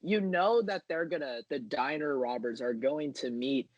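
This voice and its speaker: A man's voice: on the high side, normal speed, no echo, highs cut off. A man talking as a podcast guest in casual chat, enthusiastic and rambling with many fillers.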